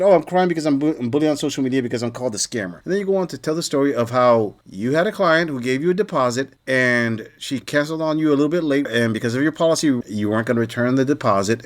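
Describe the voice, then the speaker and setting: A man hosting a reaction commentary, sarcastic, blunt and lecturing. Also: medium pitch. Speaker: commentary channel host.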